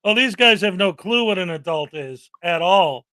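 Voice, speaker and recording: A man co-hosting a live stream in casual chat, joking and mocking, quick to laugh. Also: high voice, expressive, bright, forceful tone.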